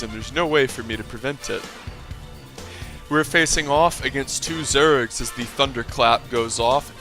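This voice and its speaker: A man commentating his own game match with brash, profane ranting asides. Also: mid-range voice. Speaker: gameplay commentator.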